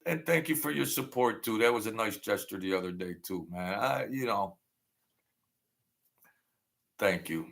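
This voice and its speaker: A man's voice: on the low side, lively intonation, a little slow, gravelly, long pauses, fairly bright tone. A man hosting a casual livestream, rambling and thanking viewers by name as he reads their comments. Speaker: channel host.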